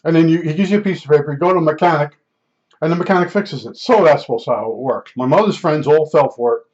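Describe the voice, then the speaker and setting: A man's voice: on the high side, fast talker, darkish tone. A man telling a rambling personal story in a casual way, full of restarts and asides. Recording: dull lo-fi recording.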